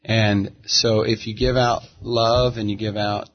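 A middle-aged man with a lowish voice tells stories in a relaxed, reflective interview. He takes his time and drifts between thoughts. The audio sounds dull and muffled. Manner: easygoing, reflective, drawn-out storyteller. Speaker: interview guest, gospel singer. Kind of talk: relaxed conversational storytelling.

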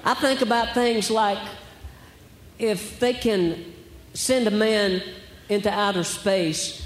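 A man performs stand-up, spinning wry stories and musing rhetorical questions in a high voice. He is captured on a live stage, with a long, roomy hall echo around him and a faint hiss underneath. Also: fairly even intonation, takes it slowly. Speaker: stand-up comedian. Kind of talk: stand-up comedy routine. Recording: echoey hall, faint background noise.

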